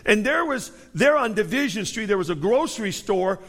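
A man from Chicago giving a storytelling sermon as a guest preacher, animated and dropping low for asides and quoted voices. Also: moderate pace, in a large hall. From Chicago, United States.

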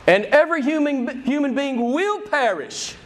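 A man's voice: animated, normal speed. A man preaching a sermon, emphatic and conversational, pressing the congregation with repeated rhetorical questions. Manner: emphatic, rhetorical questions, wide swings in pitch and loudness. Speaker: pastor.

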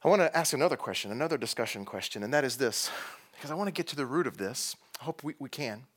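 A man preaching a sermon, animated and playful, acting out voices of figures in the story. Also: mid-range voice, fast talker, breathy edge. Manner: animated, acts out voices of biblical figures with humor. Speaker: pastor.

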